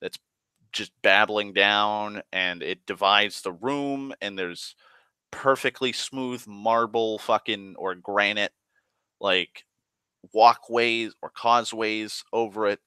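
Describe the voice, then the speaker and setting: Rambling, swearing man with a bright voice. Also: on the low side, fairly even intonation, slow pace, clean tone, dry recording. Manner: rambling, profane, heavy on "like" fillers and restarts. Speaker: tabletop game player recounting a session. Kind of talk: casual spoken storytelling.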